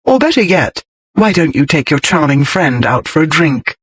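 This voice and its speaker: A man voicing a composed young lady who speaks crisply and teases with dry wit. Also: a little high, big pitch swings, normal speed, dry recording. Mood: cool teasing. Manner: crisp, poised, dryly teasing. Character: composed, witty young lady, cool and teasing.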